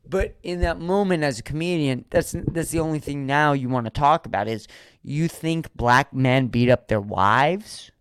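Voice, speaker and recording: Brief: male comedian, solo podcast host, smooth voice, dry close sound, rambling and animated. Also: medium pitch, moderate pace, dry recording. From Erie, Pennsylvania. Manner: rambling, animated, swears freely, acts out quotes.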